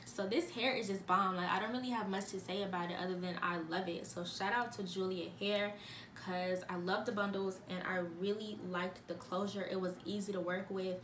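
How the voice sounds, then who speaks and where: A woman's voice: medium pitch, fairly even intonation, a little fast, a bit bright, a little hiss or hum. A young woman chatting casually to her viewers in a beauty vlog, upbeat and talkative. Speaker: beauty vlogger. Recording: echoey room.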